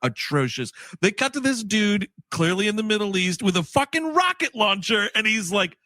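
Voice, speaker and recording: A man's voice: sits high, very animated, normal speed, bright, forceful tone, no echo, clean studio sound. A man co-hosting a casual movie review podcast, ranting and swearing, slipping into mocking impressions. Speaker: podcast co-host.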